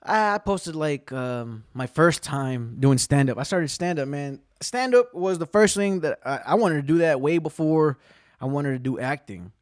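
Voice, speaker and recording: A man hosting his own podcast, telling rambling, profane stories in a casual, excitable way. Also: a little high, normal speed, dry recording, clean studio sound. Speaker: podcast host. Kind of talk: casual solo podcast storytelling.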